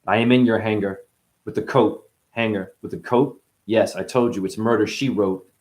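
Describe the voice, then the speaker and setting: A man's voice: on the low side, steady tone, normal speed, a little mellow. Man freestyling rambling wordplay rhymes. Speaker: freestyle rapper. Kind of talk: freestyle rap.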